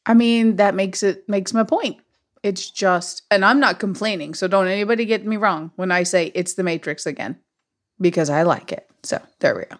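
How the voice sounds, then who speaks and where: A woman co-hosting a casual movie review podcast, playful and quick to laugh. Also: mid-range voice. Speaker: podcast co-host.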